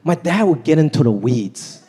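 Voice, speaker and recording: A young man from Los Angeles doing an animated stand-up set on a comedy club stage into a handheld mic, rising to near-shouts on punchlines. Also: fairly high pitch, moderate pace. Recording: live club, audience noise.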